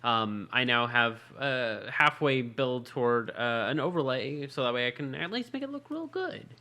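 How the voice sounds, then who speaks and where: A man co-hosting a casual tech podcast, rambling and leaning on "like" as he thinks out loud. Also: medium pitch, very animated, normal speed. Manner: rambling, leans on "like" as a filler. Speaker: podcast co-host. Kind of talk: casual chat about tech gadgets.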